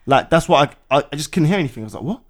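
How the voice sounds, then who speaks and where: A young man, telling a story from his own life in a relaxed conversation and acting out his reactions as he goes. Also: a little high, racing. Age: 20s. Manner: animated, acts out his own past reactions with slang fillers. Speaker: guest.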